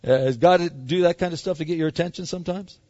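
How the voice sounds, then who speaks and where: A man preaching a sermon, swinging dramatically between loud and hushed. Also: on the high side, fast talker, long reverb tail, highs cut off. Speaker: pastor.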